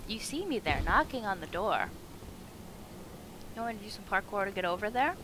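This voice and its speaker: A woman streaming a video game, chatting casually, gasping, swearing and shouting at the screen. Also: medium pitch, big pitch swings, normal speed, background noise. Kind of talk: casual live-stream commentary.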